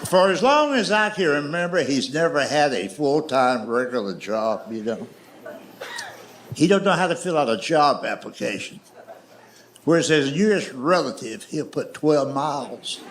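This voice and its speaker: A man's voice: on the high side, very animated, unhurried. A man with a Southern US accent doing stand-up storytelling, folksy and drawn out, with dry asides. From Southern United States. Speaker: stand-up comedian. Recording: live show with audience noise. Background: audience laughter.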